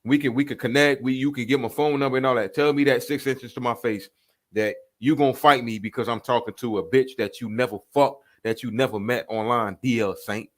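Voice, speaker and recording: A man's voice: medium pitch, steady tone, fairly quick. A man hosting a reaction video, confrontational and profane, calling people out in a heated rant.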